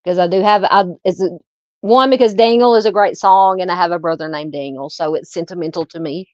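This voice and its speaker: A woman's voice: lowish voice, fairly quick, a little mellow, no echo, muffled recording. A woman with a Southern American accent hosting a casual livestream, chatting and reading out viewer comments. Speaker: livestream host. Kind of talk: casual live-chat.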